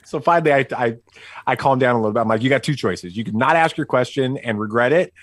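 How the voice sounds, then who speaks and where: A middle-aged man telling a family story casually as a podcast guest, animated and full of fillers and restarts. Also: mid-range voice, fast talker, a little hiss or hum.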